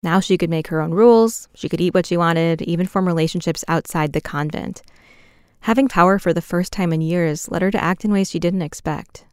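A woman narrating a documentary from a script in a measured, even way. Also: on the low side, clear, resonant tone, no room sound, studio quality.

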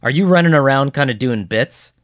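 A man's voice: medium pitch, expressive, fairly quick, no room sound, clean studio sound. Joking male football podcast co-host. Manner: joking, rambling, lots of fillers. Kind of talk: casual sports podcast chat.

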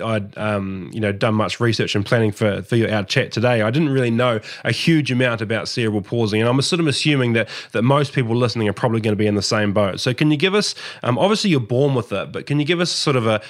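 Rambling New podcast host. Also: male voice, medium pitch. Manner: rambling, many fillers and restarts. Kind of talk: casual podcast interview.

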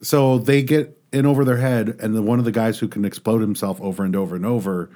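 Lowish-voiced guy rambling along in a casual chat with buddies. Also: fairly even intonation, fast talker, mellow.

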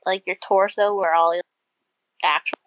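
A woman co-hosting a podcast, chatting about a movie in a casual, halting way with many fillers. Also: on the low side, steady tone, no echo, highs cut off. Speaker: podcast co-host. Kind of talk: casual movie recap chat.

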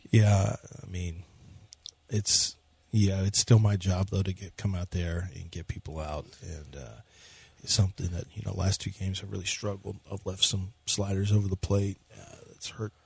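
A man doing an impression of a glum baseball pitcher after a loss, low, flat and mumbling, trailing off quietly. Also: moderate pace, creaky, slightly rough, no echo, exaggerated voice. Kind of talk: mock interview impression.

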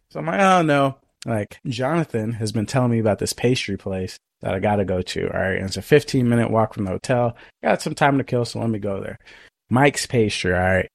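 A man's voice: mid-range voice, creaky, no echo, studio quality. A man co-hosting a podcast, telling a story in a casual chat and acting out both sides of it. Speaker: podcast co-host.

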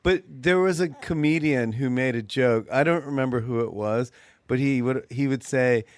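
A man's voice: mid-range voice, moderate pace, no room sound. A man co-hosting a podcast in casual comedic chat, riffing on old TV shows.

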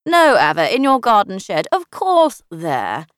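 Brief: a woman reading as a tart, crisp older mother in a storybook, dry close sound. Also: medium pitch, huge pitch swings, unhurried, dry recording. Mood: tart, matter-of-fact. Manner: crisp, matter-of-fact, faintly reproachful. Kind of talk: audiobook character voice.

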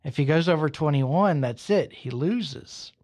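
A man hosting a podcast, narrating a story in an unhurried, conversational way with casual asides. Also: fairly high pitch, animated, darkish tone. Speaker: podcast host.

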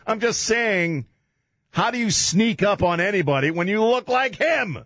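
A man hosting a comedic radio talk show, riffing and mocking with a husky voice. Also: high voice, expressive, unhurried, a bit bright, no room sound. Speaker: radio host.

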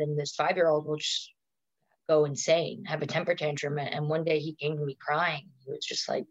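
Woman, thirties, comedian guest, rambling chatty storyteller, lowish voice, dull lo-fi dry mic. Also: no room sound. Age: 30s. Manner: rambling storyteller, filler-heavy "like". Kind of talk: casual podcast chat.

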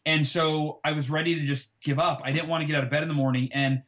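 A man telling a personal story as an interview guest, acting out past conversations with lively emphasis. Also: fairly high pitch, fast. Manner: animated, reenacts dialogue with emphasis.

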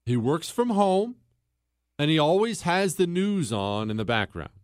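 Dry-sounding man with a raised pitch. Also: sing-song, a little slow, no echo. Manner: emphatic, conversational, quizzes the listener. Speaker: host. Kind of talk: monologue with storytelling.

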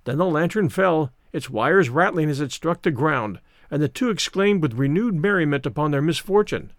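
Expressive male audiobook narrator. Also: fairly high pitch, normal speed, no room sound, studio quality.

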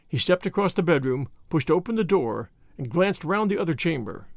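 Brief: expressive male audiobook narrator, lively pitch, close and dry. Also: normal speed, creaky, few pauses, no room sound. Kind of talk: scripted narration of a classic story.

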